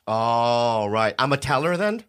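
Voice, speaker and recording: Bright-toned, animated male podcast host. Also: mid-range voice, a little slow, smooth. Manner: loose, profane, joking, trailing off mid-sentence. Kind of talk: casual chat.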